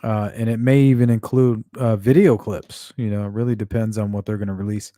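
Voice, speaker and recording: Mellow-voiced man hosting a casual livestream. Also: medium pitch, dry recording, studio quality. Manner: blunt and profane, with frequent fillers. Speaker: true-crime livestream host. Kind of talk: casual livestream chat, reading viewer comments.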